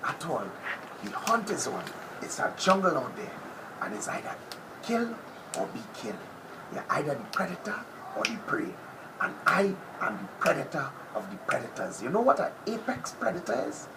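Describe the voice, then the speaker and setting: A man doing an impression of a brash, boastful male TV personality, with a theatrical, drawn-out delivery that drops to whispers. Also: sits high, wildly swooping pitch, creaky, heavily acted. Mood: menacing. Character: brash boastful male TV personality, self-proclaimed top predator. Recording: noisy background ambience.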